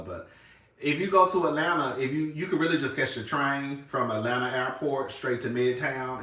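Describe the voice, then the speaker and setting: A man chatting casually to camera as a reality TV reviewer. He calls everyone "girl", swears freely and swings between loud and hushed. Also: mid-range voice, far from the mic. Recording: echoey room, voice off-mic.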